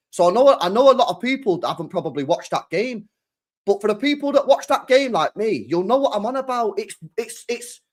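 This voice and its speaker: Young man, football streamer, live reaction, excitable, sweary, repeats himself. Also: very high-pitched.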